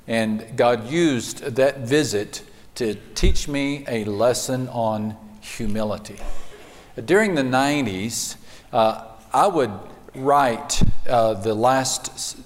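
A man's voice: mid-range voice, big-room sound. A man, a pastor preaching a sermon and telling folksy stories with hesitant fillers.

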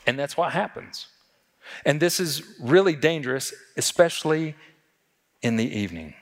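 Animated male pastor, reverberant hall. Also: fairly high pitch, normal speed. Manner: conversational, animated preaching with rhetorical questions. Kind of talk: sermon.

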